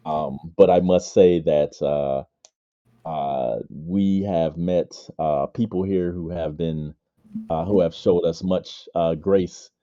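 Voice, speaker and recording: A courteous wandering adventurer, played by a man in a tabletop game, with a very deep, dark voice. His speech is formal but halting. The sound is dry and a little dull. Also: fairly even intonation, no room sound. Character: polite foreign adventurer, a healer.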